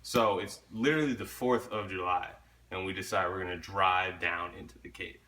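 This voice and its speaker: A man's voice: low voice, fairly even intonation, normal speed, sharp tone. A young man telling a story in casual chat, laid-back, swearing often and laughing along.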